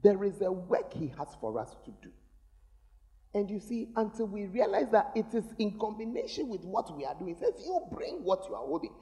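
A middle-aged male pastor preaching a sermon, teasing the congregation with sudden shouts. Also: sits high, sing-song, a little fast. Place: large church. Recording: long reverb of a large church hall.

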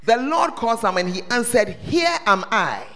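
High-voiced, animated preacher. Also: male voice, moderate pace. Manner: animated, quizzes the congregation, bursts into shouts. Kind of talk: sermon. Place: church service hall. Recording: long reverb of a large hall.

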